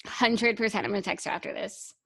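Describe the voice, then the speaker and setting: A woman's voice: medium pitch, fast, vocal fry, a bit bright, slightly rough. Young female co-host, enthusiastic casual chat, middle-range voice. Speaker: podcast co-host.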